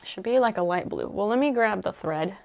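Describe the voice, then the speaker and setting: A young adult woman streaming while she crafts, chatting casually and rambling softly as she thinks aloud. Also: medium pitch, animated, brisk, gravelly.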